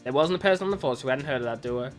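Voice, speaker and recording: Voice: mid-range voice, lively intonation, soft background music, natural voice. A streamer putting on a drawling cowboy detective. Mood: laid-back. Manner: slow put-on cowboy drawl. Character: drawling cowboy male detective, laid-back. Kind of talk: reading game dialogue aloud.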